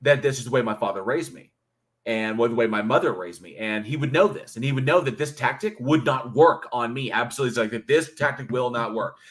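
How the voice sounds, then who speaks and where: A man's voice: medium pitch, a little fast. A man co-hosting a casual livestream, bluntly answering viewer chat and swearing freely. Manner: reads viewer chat aloud, blunt and profane. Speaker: livestream co-host.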